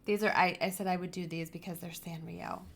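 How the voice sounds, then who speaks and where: This woman's voice is fairly low, creaky and a bit bright with a breathy edge, moving a little fast with fairly even intonation. She chats casually on a crafting livestream, opening happy mail, raving about stickers and whispering over the cute ones.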